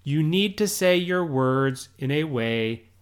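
A man giving a casual English lesson, telling a story and now and then quoting himself in a quick Southern US drawl. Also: on the high side, lively intonation, smooth. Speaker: English teacher.

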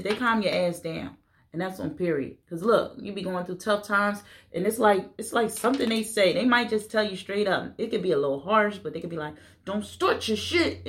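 A woman gives a casual tarot reading. She talks blunt and playful, cussing now and then as she reads. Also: medium pitch. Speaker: tarot reader.

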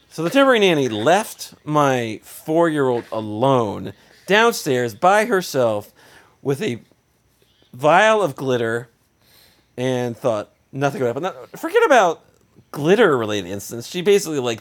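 A man in his thirties tells a casual anecdote with mounting exasperation. He talks at a middling pitch, jumps higher when he gets worked up, and slips into quick joking asides. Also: sing-song. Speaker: storyteller.

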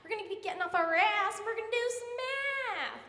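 A teenage girl voicing a perky young Canadian male maths teacher, high and chirpy, with a bossy pep-talk manner, heard in an echoey theatre. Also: animated, fairly quick, bright, forceful tone, heavily acted. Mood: peppy. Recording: echoey theatre, long reverb.

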